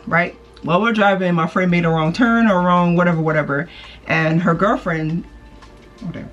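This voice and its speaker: Woman, casual storytime, chatty and slangy, acts out the quotes. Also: fairly low pitch. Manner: chatty, slangy, animated retelling with quoted voices. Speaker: vlogger.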